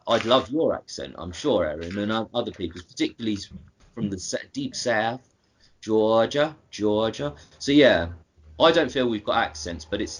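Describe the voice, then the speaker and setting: Husky British man, rambling podcast chat. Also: lowish voice. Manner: rambling, self-correcting, teasing. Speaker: podcast co-host.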